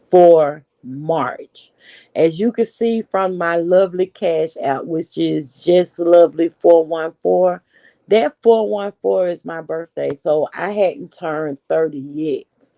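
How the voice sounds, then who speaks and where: Woman, 40s, AAVE, slow chatty live-stream host; low pitch, dry close recording. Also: warm tone, no echo. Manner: chatty, unhurried, talks straight to viewers. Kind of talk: casual live-stream chat.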